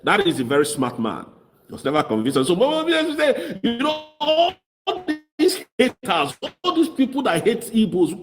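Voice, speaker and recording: A man's voice: high-pitched, wildly swooping pitch, moderate pace. A man with a Nigerian Igbo accent giving fiery, mocking political commentary. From southeast Nigeria. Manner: mocking, impassioned, switches into Igbo.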